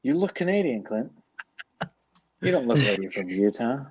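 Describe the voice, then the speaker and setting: A man's voice: medium pitch, big pitch swings, moderate pace, a crowd in the background, poor audio. A man on a live stream call who teases the others and chimes in with short quips. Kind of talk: casual group chat on a live stream.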